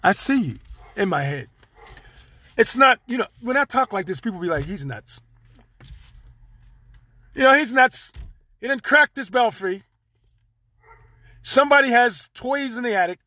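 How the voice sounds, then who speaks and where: A man's voice: very high-pitched, animated, moderate pace, pauses often, bright, forceful tone, no room sound. A man hosting his own podcast, rambling and joking in loose slang straight to his listeners. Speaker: podcast host. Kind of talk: casual solo monologue.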